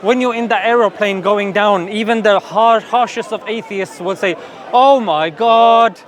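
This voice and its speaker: A man's voice: high voice, fairly even intonation, normal speed, fairly bright tone. A man making an earnest, persuasive case in an open-air religious debate, checking in with his listener through tag questions. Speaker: street preacher. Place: outdoor public park. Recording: outdoor crowd chatter.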